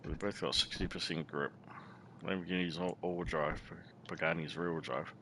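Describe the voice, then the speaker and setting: A man commenting casually on a racing game, relaxed and chatty with sudden excited outbursts and the odd swear word. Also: sits low, normal speed. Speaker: gaming channel host. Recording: loud game engine noise behind.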